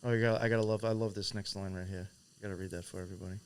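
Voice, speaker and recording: A man co-hosting a podcast, cutting in with quick asides in casual chat. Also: lowish voice, fairly even intonation. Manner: cuts in with quick conspiratorial asides. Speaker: podcast co-host.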